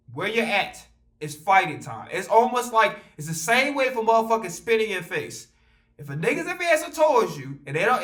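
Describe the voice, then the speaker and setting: A young man telling a casual, animated, profane storytime story at home, with loose slang. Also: sits high.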